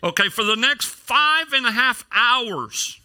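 A man's voice: extremely high pitch, expressive, slow, pushed and bright, clean tone. A middle-aged male pastor preaching a sermon in a casual storytelling way, with self-deprecating humor.

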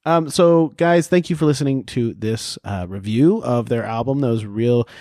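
A man's voice: medium pitch, normal speed, mellow, no room sound, clean studio sound. A man hosting a podcast in casual chat, joking around and swearing a lot. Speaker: podcast host. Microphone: podcast microphone.

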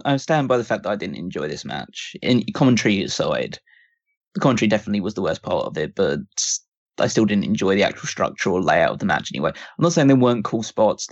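Low-voiced male podcaster, dull mic. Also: dry recording. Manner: critical, rambling with fillers. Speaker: podcast co-host. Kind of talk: casual podcast chat.

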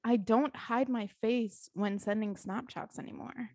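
A young woman with a somewhat high voice, talking bluntly and excitedly in a casual chat. She laughs often, and the recording is dry and close. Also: measured pace, no room sound. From French background.

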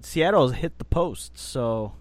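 A man's voice: mid-range voice, lively intonation, takes it slowly. A man hosting a casual soccer podcast, playful and teasing with his co-hosts. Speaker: podcast host. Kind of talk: casual chat.

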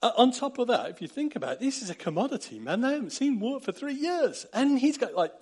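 A man preaching a sermon, retelling a story with lively, animated delivery and acted-out quotes. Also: very high voice, fast, breathy edge. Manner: animated, acts out quotes with sudden loud bursts.

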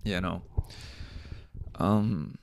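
A man's voice: sits low, very slow, gravelly, slight background noise. A young man hosting a podcast, telling profane, laugh-filled stories in a casual way. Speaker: podcast host. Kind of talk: casual storytelling.

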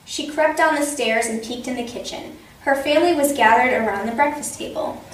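Lively woman reading a children's story. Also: high-pitched, fairly quick. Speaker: story time reader. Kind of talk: children's story read-aloud. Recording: echoey room, distant mic, faint noise.

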